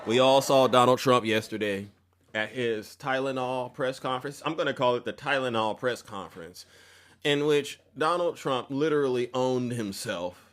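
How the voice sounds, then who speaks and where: A man hosting a fiery political commentary show, mocking and preachy, shouting to drive his points home. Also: mid-range voice, moderate pace.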